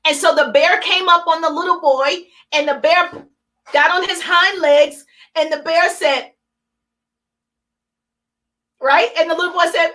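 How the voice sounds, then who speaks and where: A woman hosts a live motivational broadcast, driving her points home in short, punchy, repeated phrases. Her voice sits very high and sounds bright and forceful. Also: fairly even intonation, measured pace, long pauses. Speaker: host of a business coaching broadcast.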